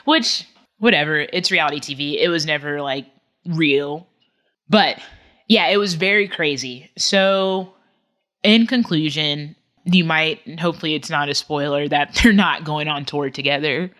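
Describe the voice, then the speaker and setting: A woman's voice: deep voice, a little slow, fairly bright tone. A woman hosting a podcast, chatting casually with jokey asides about reality TV. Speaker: podcast host.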